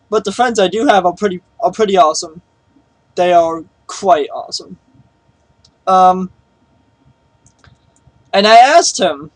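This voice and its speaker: A man's voice: high-pitched, moderate pace, pauses often, dry recording, rough recording. A man telling a personal story in a casual vlog, rambling with lots of fillers and restarts. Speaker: vlogger.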